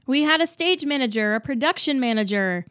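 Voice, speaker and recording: A woman's voice: high-pitched, animated, brisk, fairly bright tone, dry recording, studio quality. A woman in her twenties, a musical theater actor, hosting a solo podcast in an upbeat, chatty and enthusiastic way. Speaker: podcast host.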